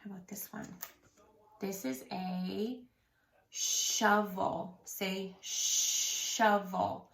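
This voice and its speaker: A woman's voice: medium pitch, creaky, fairly bright tone, roomy sound. A woman teaching a phonics lesson to young children, patiently stretching out each word. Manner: slow, patient, drawn-out sounding of words.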